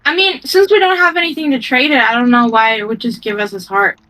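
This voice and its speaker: Brief: female player, high voice, warm-hearted joking table chat. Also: fairly even intonation, quick pace, low-quality recording. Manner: caring, chatty, joking. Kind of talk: casual tabletop play chat.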